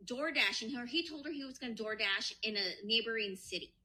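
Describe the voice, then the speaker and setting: A woman co-hosting a podcast, casually retelling a story with animated quoted voices and lots of swearing. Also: a little high, fairly quick. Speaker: podcast co-host.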